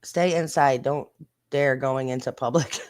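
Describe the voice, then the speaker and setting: A livestream host reacts to viral clips in a blunt, indignant way, with mild swearing. The voice sits at an ordinary middle pitch and chats straight to the viewers. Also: fairly even intonation, a little slow. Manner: chatty, talks straight to the viewers. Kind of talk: casual livestream commentary on viral videos.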